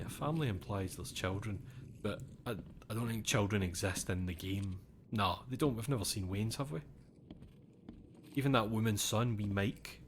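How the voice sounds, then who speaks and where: A young Scottish man streaming a game, rambling between stories in a relaxed way and swearing without a second thought. His voice sits a little low. A clear, constant background noise runs under the whole recording. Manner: chatty, rambling, swears freely. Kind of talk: casual commentary while gaming.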